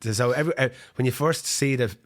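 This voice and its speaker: A man's voice: mid-range voice, fast. An Irish man co-hosting a podcast, chatting casually and laughing often. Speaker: podcast co-host. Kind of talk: casual chat.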